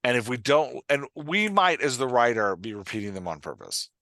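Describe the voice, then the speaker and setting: A man hosting a podcast, coaching a writer in casual chat and reading dialogue lines aloud with lively shifts of tone. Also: medium pitch, normal speed, no room sound. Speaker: writing coach, podcast host.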